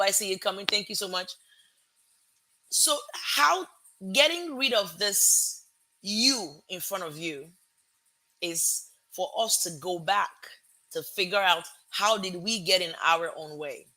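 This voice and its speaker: A woman hosts a motivational live stream with an accent that blends American and Nigerian. Her voice is bright and forceful, and her delivery stays energetic and conversational. She greets her audience warmly and stops now and then to correct her own words. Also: medium pitch. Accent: American-Nigerian mix. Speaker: host.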